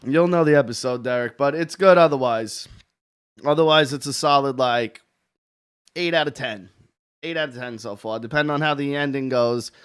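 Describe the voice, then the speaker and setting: A man's voice: medium pitch, normal speed, fairly bright tone, clear, resonant tone. A man hosting a call-in show, chatting casually in a blunt, profane, rambling way. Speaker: show host. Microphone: headset or desk mic with headphones.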